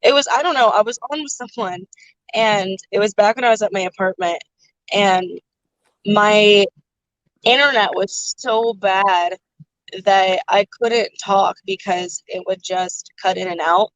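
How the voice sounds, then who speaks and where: A woman hosting a livestream, chatting casually and loudly over a phone from inside a noisy car. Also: medium pitch, unhurried. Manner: loud, projecting voice. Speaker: livestream host. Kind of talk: casual chat.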